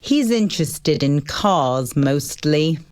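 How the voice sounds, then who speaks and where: A woman's voice: low voice, animated, darkish tone, smooth, no room sound, clean studio sound. A woman voicing a defensive, impatient mother. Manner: brisk and defensive. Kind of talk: animated story dialogue.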